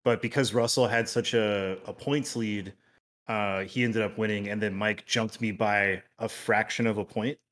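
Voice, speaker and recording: A man speaks as a guest on a casual gaming podcast. He talks in a slightly low voice, easygoing and rambling, with many "uh"s and "like"s as he tells his story. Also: normal speed. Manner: relaxed and rambling, many "uh" and "like" fillers. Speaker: podcast guest and competitive tabletop player.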